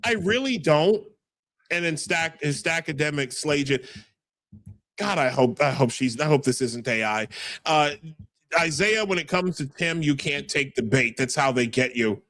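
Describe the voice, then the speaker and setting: A man's voice: on the high side, lively intonation, measured pace, fairly bright tone, dry recording, clean studio sound. A man with a New York accent hosting a casual livestream, brash and stammering as he reads chat aloud. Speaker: podcast host.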